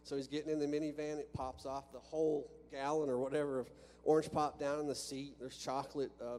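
Conversational preacher in an echoing church. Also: male voice, fairly high pitch, level tone, fairly quick, darkish tone. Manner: conversational, with frequent restarts and rhetorical questions. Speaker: pastor. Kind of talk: sermon. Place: church sanctuary with a balcony. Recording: long reverb from a church hall with faint hum.

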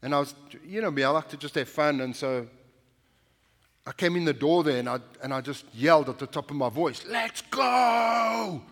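A man's voice: mid-range voice, a little fast, in a large hall. A male pastor preaching a sermon in a conversational, anecdotal way, often restarting his sentences. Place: church sanctuary.

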